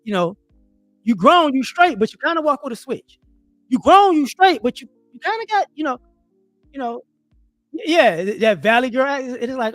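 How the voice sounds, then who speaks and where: A man's voice: very high voice, sing-song, normal speed, pauses often, a bit bright, dry recording, faint music behind. Emphatic man ranting on a livestream. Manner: emphatic, repeats words, slips into mocking voices. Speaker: livestream commentator. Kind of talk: opinionated livestream rant. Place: home livestream setup.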